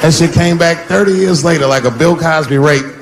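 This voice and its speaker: A man's voice: fairly high pitch, a little fast, vocal fry. A middle-aged man doing a stand-up comedy set in a large theater, brash and profane, stretching out his punchlines and slipping into playful voice shifts. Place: large theater with live audience. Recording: live crowd laughter, background noise. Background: audience laughter and room noise.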